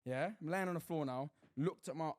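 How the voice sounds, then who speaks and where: A man's voice: a little high, a little fast, no echo, clean studio sound. A young man, telling stories in a casual podcast chat, full of slang and swearing. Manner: animated storytelling with slang and swearing. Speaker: podcast co-host.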